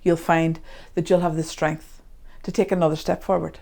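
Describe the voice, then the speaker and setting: A woman leading a guided tapping session, speaking slow, repetitive affirmations. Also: deep voice, little pitch movement, creaky, a little mellow.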